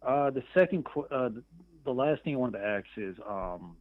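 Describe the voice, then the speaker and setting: A man's voice: mid-range voice, animated, moderate pace, no echo. A man calling in to a live stream, asking questions hesitantly with many fillers. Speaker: caller. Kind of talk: call-in question. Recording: phone-line call.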